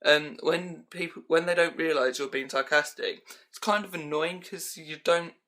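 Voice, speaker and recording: Slightly high and bright, with a forceful tone and normal speed, a young man's voice rambles through a list of pet peeves for his vlog. The rant is casual and packed with "um" and "like," shot at home on a handheld camera.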